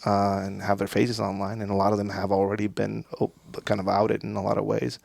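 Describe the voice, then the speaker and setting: A man talking as a podcast guest in a measured, hesitant way with many fillers. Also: lowish voice, completely flat delivery, vocal fry, darkish tone, no room sound. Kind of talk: casual conversation.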